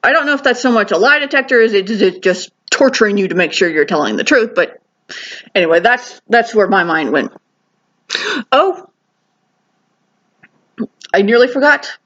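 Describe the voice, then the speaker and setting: A woman's voice: medium pitch, expressive, normal speed, pauses often, a bit bright. A woman talks through a TV episode review in a chatty, enthusiastic way, often restarting her sentences and going off on asides. The recording sounds a little dull and lo-fi. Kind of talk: casual spoken review.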